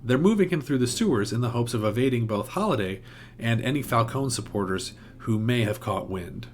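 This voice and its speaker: A man narrating a plot outline in a steady recap tone, with the odd small restart. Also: medium pitch, fairly quick, a little hiss or hum. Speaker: video essay host.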